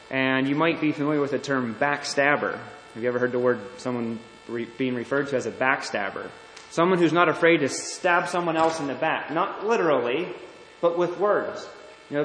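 A male pastor delivers an earnest, deliberate sermon in a slightly raised voice. His words ring out with long reverb, as if in a large church sanctuary. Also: a little high, a bit bright. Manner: earnest, deliberate preaching with restarts. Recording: echoey hall.

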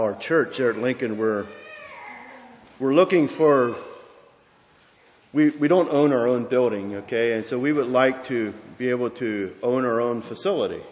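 A man giving a sermon as pastor, his mid-pitched voice ringing through a church hall with a long reverb. He tells his story with frequent restarts, then presses his points home with rising emphasis. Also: very animated, measured pace, long pauses, slight background noise. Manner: storytelling with many restarts, building to emphatic preaching.

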